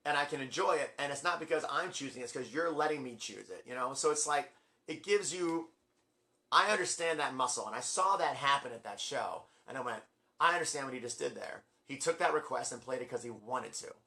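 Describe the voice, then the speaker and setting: A middle-aged man telling a long, rambling story on his video blog, acting out quotes with big jumps in his voice. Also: a little fast. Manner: excitable, acts out quotes with big pitch jumps. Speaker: music vlogger.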